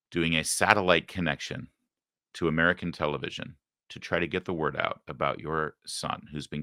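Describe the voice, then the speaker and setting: A man with a deep yet bright, forceful voice hosts a political talk show. He comments with indignation and emotion. The sound is dry and close. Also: no echo. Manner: emotional, indignant, rising to heated outbursts. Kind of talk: opinionated commentary.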